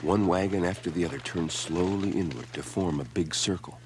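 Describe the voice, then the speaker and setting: A man reading a children's storybook aloud in an expressive, unhurried way. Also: sits low, noisy background. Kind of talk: read-aloud storybook narration. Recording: background music.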